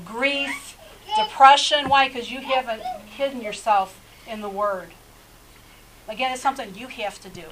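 A woman's voice: high voice, fairly bright tone, a little hiss or hum, poor audio. A woman preaching a sermon in a conversational way, talking straight to her listeners and often repeating herself as she goes. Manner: conversational, repeats words and restarts, direct address to listeners.

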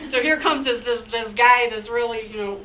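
A woman's voice: a little high, moderate pace, fairly bright tone, distant mic, a little hiss or hum, low-quality recording. A woman pastor preaching a sermon in an emphatic, conversational way, with chatty asides.

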